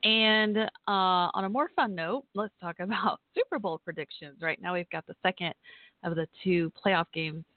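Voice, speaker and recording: A woman's voice: on the low side, moderate pace, no room sound. A chatty, friendly woman from Texas with a Southern accent, hosting a casual call-in talk show and laughing often. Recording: tinny phone-line sound.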